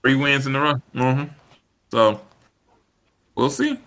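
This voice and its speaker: A man hosting a casual show, talking in an animated way and laughing often. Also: mid-range voice, slow pace. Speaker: podcast host. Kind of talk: casual chat.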